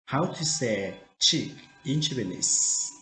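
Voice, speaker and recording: A man teaching vocabulary in a slow drill, repeating each word carefully in simple, broken phrasing. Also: mid-range voice, animated, pushed and bright. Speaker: language teacher. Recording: roomy echo.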